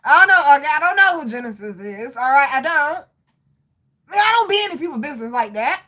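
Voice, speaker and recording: A woman giving a live medium reading, talking casually with spirits, laughing often and swinging between loud outbursts and soft murmurs. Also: sits high, very animated, quick pace. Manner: casual, slangy, chatty.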